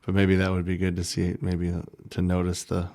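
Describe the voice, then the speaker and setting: A man with a very low voice that hardly rises or falls. He co-hosts a podcast and talks casually and loosely, leaning on fillers as he goes. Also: completely flat delivery, a little fast, darkish tone. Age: adult, married. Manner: loose and rambling, heavy on "like" and "you know". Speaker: podcast co-host. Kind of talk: casual chat.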